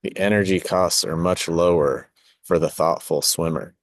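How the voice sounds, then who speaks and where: A man's voice: low-pitched, steady tone, moderate pace, no echo. A middle-aged man, a podcast host and design teacher, reading his own essay aloud in a reflective way, with asides and self-corrections.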